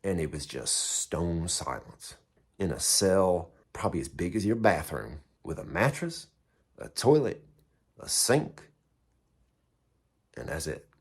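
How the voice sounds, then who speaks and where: Man, casual storyteller, blunt and profane, self-mocking, very lively up-and-down delivery. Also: low-pitched, takes it slowly, long pauses, husky. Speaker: vlogger recounting prison time.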